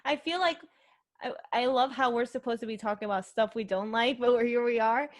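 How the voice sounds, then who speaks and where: A woman's voice: fairly high pitch, brisk. A young woman hosting a podcast, reviewing a movie in casual, rambling chat full of fillers. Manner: rambling, filler-heavy, emotional. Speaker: podcast host.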